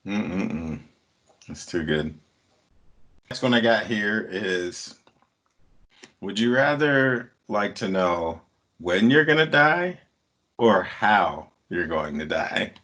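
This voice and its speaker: A man's voice: deep voice, lively intonation, takes it slowly, long pauses, sharp tone. A man in a casual chat who reads out would-you-rather questions in an easygoing way. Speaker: segment host.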